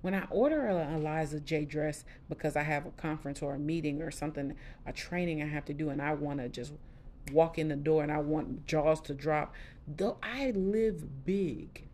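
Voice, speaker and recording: A middle-aged woman hosting a podcast, telling her personal story candidly in a casual, expressive way with lively quoted asides. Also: sits low, fairly quick, slight background noise. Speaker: podcast host.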